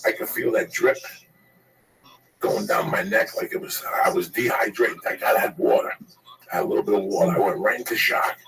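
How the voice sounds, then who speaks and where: A man telling a profane, animated comedy story and acting out the voices of the people in it, as if on a podcast. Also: mid-range voice, creaky, far from the mic, low-quality recording. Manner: profane, rapid, acts out the voices.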